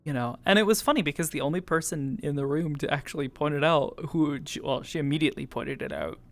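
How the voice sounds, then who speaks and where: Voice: mid-range voice, expressive, fast, dry recording. A role-play player casually recounting a session in a rambling, amused way, with many fillers and swear words.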